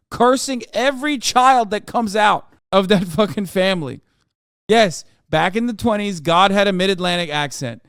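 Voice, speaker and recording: A man in his thirties rants through a reaction stream, swearing freely and climbing into loud, excitable bursts. His voice sits fairly high for a man and comes through smooth and clear. The close mic gives a dry, intimate sound with no room around it. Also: no echo. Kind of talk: casual profane reaction commentary.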